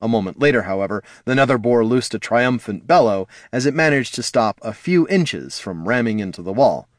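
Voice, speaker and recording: A man narrating a fantasy audiobook in a measured storytelling manner. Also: mid-range voice, lively intonation, no room sound, studio quality. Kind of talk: scripted narration.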